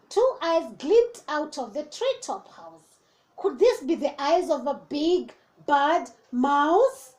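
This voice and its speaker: Her voice sits high and her pace is unhurried as this teacher reads a picture book to young children. She's animated and expressive, slipping in little comments meant for her listeners.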